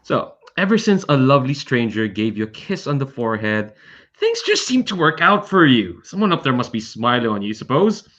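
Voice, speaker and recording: A man's voice: mid-range voice, sing-song, fairly quick, a bit bright. A man playing a tabletop game, describing his character hesitantly with many fillers. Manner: dreamy, hesitant, many likes. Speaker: player. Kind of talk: casual tabletop play. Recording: dull lo-fi mic.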